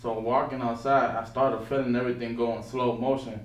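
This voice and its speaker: A man telling a story in casual chat with friends, in a relaxed, slangy way. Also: medium pitch, brisk. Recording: echoey room, mic at a distance, faint noise.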